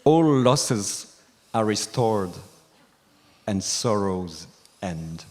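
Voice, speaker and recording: Hesitant low-voiced man in a reverberant hall. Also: lively intonation, darkish tone. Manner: hesitant, chuckling, reads verse haltingly. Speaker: retreat participant. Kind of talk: casual conversation and poetry reading.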